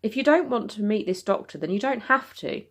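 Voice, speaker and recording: A storybook father, defensive and pleading, earnest in every word. A woman reads him aloud, lifting her voice above its low usual pitch. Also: big pitch swings, a little fast, breathy edge. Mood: soothing.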